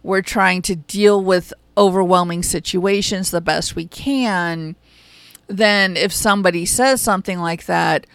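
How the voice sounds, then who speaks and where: A woman hosting a reflective podcast, talking slowly and unhurriedly. Her voice has a gravelly, fry-laden edge, and the sound is dry and close. She stays calm, measured and reassuring throughout. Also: fairly low pitch, dry recording. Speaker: podcast host. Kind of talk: reflective solo podcast talk.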